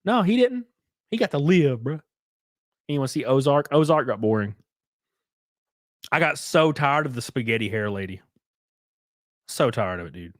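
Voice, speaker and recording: A man's voice: mid-range voice, very animated, normal speed, pauses often, no echo, studio quality. A man from Alabama with a Southern accent, chatting casually and profanely on a live stream while reading chat aloud. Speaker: streamer host.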